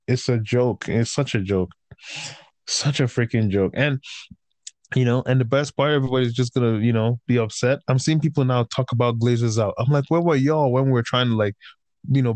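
A man's voice: mid-range voice, a little mellow, no echo. A man ranting in casual chat, heated and profane, swinging between raised outbursts and tired, fed-up grumbling.

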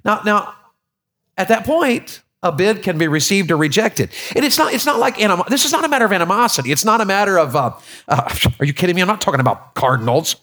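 A man's voice: sits high, very animated, fast, pushed and bright. A man from Tennessee preaching a sermon in a church, folksy and joking with the congregation, often repeating his words. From Tennessee, USA.

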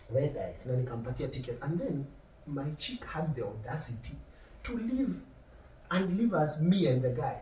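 A young man with a Kenyan accent tells his story in lively, animated bursts, his voice sitting a little high. He sounds set back from the mic in an echoey room with a faint hiss behind him. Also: moderate pace, far from the mic. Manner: animated, switches between English and Swahili, acts out quotes. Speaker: podcast co-host. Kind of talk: casual storytelling chat.

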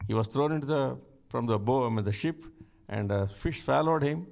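Gravelly-voiced man preaching a sermon. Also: mid-range voice, moderate pace, a little mellow. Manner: conversational preaching with rhetorical questions and chuckles.

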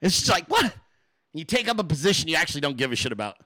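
A man hosts a live stream and rants freely to his chat, swearing in nearly every line. His voice sits high and bright with a forceful edge. He swings his pitch widely and jumps into shrill put-on voices when he quotes people. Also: very animated, rapid-fire, no echo, studio quality. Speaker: livestream host. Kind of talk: profane unscripted rant to a live chat.

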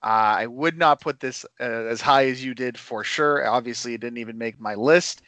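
A man co-hosting a casual wrestling podcast, animated and playful as he banters with his co-host. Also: mid-range voice, moderate pace, no room sound.

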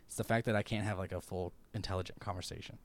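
A young man chatting casually as a podcast guest, telling animated stories and laughing often. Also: deep voice, fast talker. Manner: animated storyteller, laughs often, acts out quotes. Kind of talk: casual chat.

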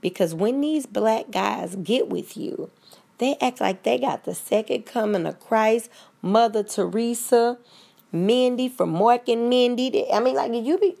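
A woman's voice: a little high, a little slow, vocal fry, dark tone. A woman giving a blunt, profane, preachy rant straight to her listeners in casual podcast style. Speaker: commentator.

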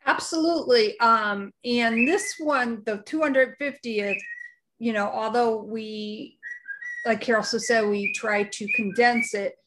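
A woman's voice: a little high, a little slow, fairly bright tone, a little hiss or hum. Woman, podcast co-host, casual chat, effusive, gushing.

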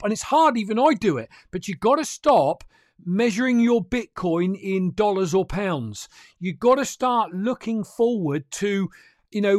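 A man's voice: sits high, no echo, studio quality. A man hosting a crypto news livestream, talking to viewers in a chatty, emphatic way. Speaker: crypto news show host. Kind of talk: casual livestream commentary.

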